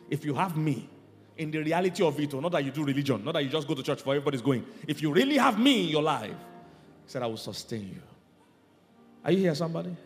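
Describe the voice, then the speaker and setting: A man preaching a charismatic sermon, fervent and calling out to the congregation. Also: fairly high pitch. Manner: fervent, call-and-response, decreeing loudly. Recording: reverberant church hall with music.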